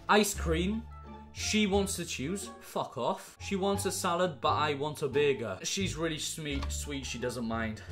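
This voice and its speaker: A young Welsh man talks through a quiz in a loose, banter-filled vlog voice, cursing freely. His voice sits a little high and swings all over the place. Guitar music plays behind him. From Wales. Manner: swearing, banter-filled, animated. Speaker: YouTuber. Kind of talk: casual vlog commentary on an online quiz.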